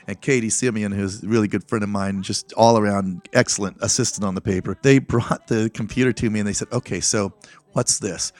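A middle-aged man from Northern California telling a long personal story in a casual interview, acting out what people said with animated outbursts. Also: fairly quick, no echo. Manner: animated, acts out quotes with sudden high-pitched outbursts. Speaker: interview guest.

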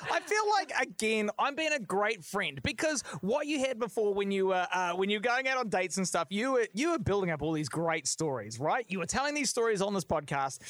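Man, podcast host, high voice, lively pitch, excitable, dry recording. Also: brisk, few pauses, dry recording. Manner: excitable, animated reactions. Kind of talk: casual podcast chat.

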